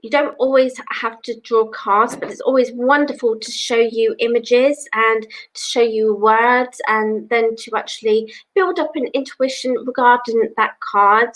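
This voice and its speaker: A woman's voice: a little high, a little slow, hardly any pauses, a bit bright, poor audio. A woman from England who reads cards as a psychic, chatting on a live stream with viewers in a rambling way, with many "you know"s. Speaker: psychic reader. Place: home.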